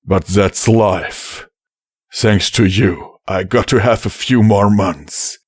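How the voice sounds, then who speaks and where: A man as a gentle dying stallion father. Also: on the low side, slow, breathy edge, dry recording, studio quality. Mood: resigned. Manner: soft, tender and quiet. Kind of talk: audiobook character voice.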